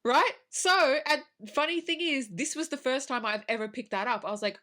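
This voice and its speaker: A woman's voice: a little high, brisk, hardly any pauses, pushed and bright. A woman co-hosting a podcast, chatting casually about a film, swearing and acting out her own reactions. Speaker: podcast co-host. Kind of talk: casual film review chat.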